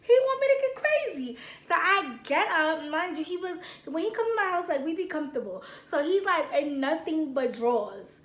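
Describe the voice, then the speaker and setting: Animated high-voiced young woman telling a story. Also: normal speed, few pauses, echoey room. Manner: animated, acts out both sides of a quarrel. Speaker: vlogger. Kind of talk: casual storytime.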